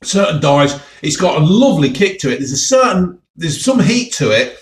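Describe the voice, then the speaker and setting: A chatty English man with a Midlands accent, talking to his viewers in a lively, up-and-down voice that sits a touch high for a man. He sounds enthusiastic as he tastes his food, and the room around him is echoey. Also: normal speed. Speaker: food vlogger. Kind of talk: casual food tasting vlog.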